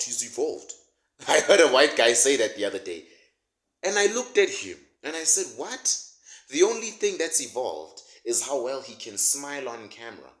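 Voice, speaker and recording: Sarcastic man ranting, lively. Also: mid-range voice. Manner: sarcastic, mocking, laughs at his own jokes. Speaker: political commentator. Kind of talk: comedic political rant. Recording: roomy echo.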